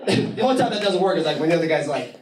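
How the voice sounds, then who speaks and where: A man doing stand-up comedy in a small theater, telling stories and acting out loud characters. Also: a little high, rapid-fire, heavy background noise. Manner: animated, acts out loud characters. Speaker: stand-up comic. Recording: echoey room, mic from far, loud crowd.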